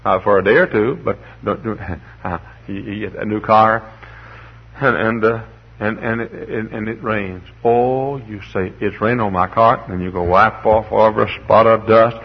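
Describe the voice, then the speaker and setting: Man, pastor, sermon, folksy rambling stories, husky voice, dull old lo-fi recording. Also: lowish voice, fairly even intonation, moderate pace. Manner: rambling, humorous, repeats words, rises to emphatic preaching.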